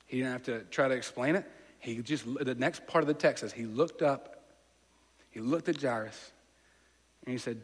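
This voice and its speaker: A pastor preaches in a relaxed, conversational way, walking listeners through a story. His voice sits in a middle pitch. It carries the long reverb of a large hall. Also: moderate pace, long pauses, breathy edge. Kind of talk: sermon.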